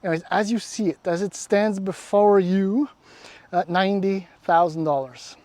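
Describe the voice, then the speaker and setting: A man's voice: high voice, steady tone, moderate pace, a little mellow, no echo. A man, casually walking around and reviewing a car outdoors, rambling and wry, often trailing off. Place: outdoors beside a parked car.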